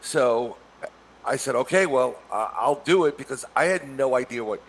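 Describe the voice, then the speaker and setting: Animated storytelling man. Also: normal speed, a little hiss or hum. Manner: animated, acts out quotes with rising pitch. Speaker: podcast co-host. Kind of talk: casual storytelling.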